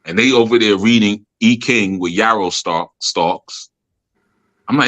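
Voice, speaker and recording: Bright-voiced man telling stories. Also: fairly low pitch, a little slow. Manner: laughs often, loose slangy delivery. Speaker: podcast host and spiritual teacher. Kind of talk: casual storytelling chat.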